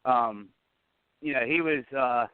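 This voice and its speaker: Male co-host, smooth clear voice, hesitant and agreeable, thin phone-like sound. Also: medium pitch, slow pace, dry recording. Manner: hesitant, agreeable, many fillers. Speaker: podcast co-host. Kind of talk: casual radio talk.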